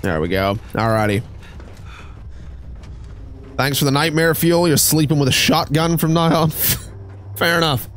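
A man's voice: on the high side, unhurried, pauses often, fairly bright tone, slight background noise. A man streaming a game, rambling and joking with chat in casual gameplay commentary.

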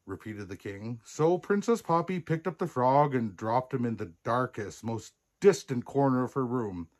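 An older man playing Santa, reading a children's storybook aloud in an unhurried, chuckling way. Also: medium pitch, a little mellow.

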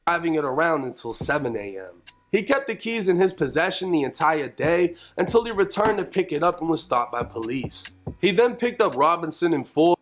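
Measured male narrator, slightly high voice. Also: very animated. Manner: measured, matter-of-fact storytelling. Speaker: investigative video narrator. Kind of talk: scripted narration.

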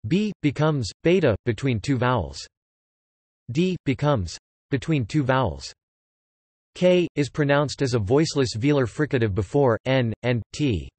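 A man's voice: mid-range voice, a little slow, no echo. Dry synthetic male reading voice. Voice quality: flat, even machine reading. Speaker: text-to-speech reader. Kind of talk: synthetic encyclopedia narration. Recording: dry, close synthetic audio.

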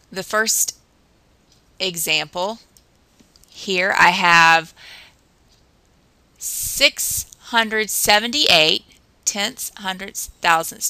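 A woman teacher talks through a math lesson in a patient, steady way, counting out drills at an even pace. Her voice sits a little low and has a gravelly edge, with a bright, sharp tone. The sound is dry and close. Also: dry recording, low-quality recording. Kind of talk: recorded math lesson narration.

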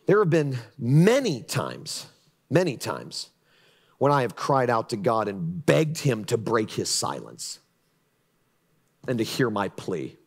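A middle-aged man preaching a sermon as pastor in a church, swinging from pleading outbursts to hushed, reflective lows. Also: wildly swooping pitch, takes it slowly, vocal fry, breathy edge. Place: church sanctuary.

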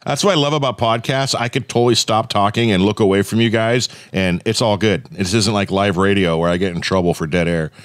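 A man's voice: on the low side, a little fast, hardly any pauses, dry recording. A man hosting a podcast, telling stories in a chatty, joking way. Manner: animated storyteller, chatty and joking. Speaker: podcast host. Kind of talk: casual chat.

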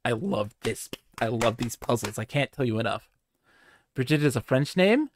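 A man's voice: medium pitch, sing-song, normal speed, no echo. A man streaming a text adventure, thinking aloud with lots of hesitation and wry jokes. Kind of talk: casual chat while playing a game.

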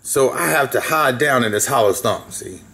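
A man's voice: mid-range voice, animated, moderate pace, creaky, bright, forceful tone. A man voicing a sly, hungry big black bear who lures his prey with coaxing talk. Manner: coaxing and sly, then harsh.

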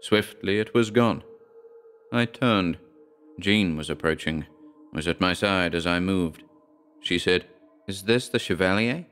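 A man giving a measured, dramatic reading of a horror story. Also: low voice, fairly bright tone, clean tone, faint music behind. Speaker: audiobook narrator. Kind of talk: scripted horror narration.

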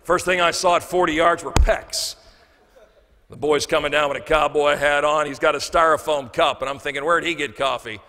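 A man's voice: fairly high pitch, normal speed. A man giving a humorous motivational keynote in a banquet hall, acting out the people in his stories. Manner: animated, acts out quoted dialogue. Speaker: motivational speaker. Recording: reverberant hall.

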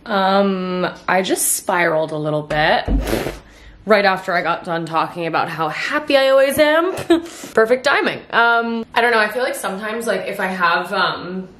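A woman's voice: medium pitch, normal speed, a bit bright. A young woman vlogging in a casual chat, rambling and self-mocking, laughing often and swearing freely. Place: at home and in her car. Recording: echoey room, faint ambient noise.

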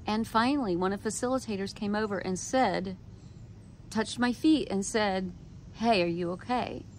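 A woman's voice: mid-range voice, normal speed, slight background noise. A woman vlogger telling a personal story in a casual monologue, candid and frank, swearing and quoting her own thoughts.

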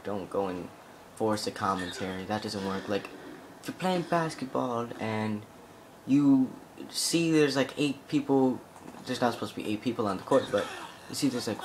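A man's voice: lowish voice, slight background noise. A young man giving casual, rambling gameplay commentary full of "like" fillers and swearing as he plays. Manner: rambling, profane, heavy on "like" fillers.

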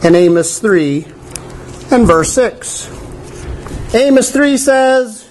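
A male pastor preaching a sermon in a church, animated, with wry asides to the congregation. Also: very high-pitched, drawn-out words, pauses often, slight background noise, poor audio.

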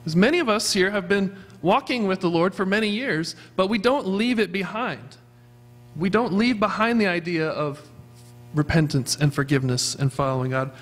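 A man's voice: sits high, moderate pace, fairly bright tone. A man preaching a sermon as pastor of a church, earnestly asking his congregation questions. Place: church sanctuary.

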